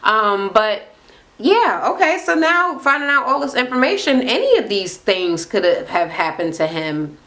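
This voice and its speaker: A woman's voice: a little high, a little slow. A married woman recapping a reality show in casual chat, rambling, swearing freely and acting out quotes as she goes. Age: adult, married. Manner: animated, profane and rambling, often acting out quotes.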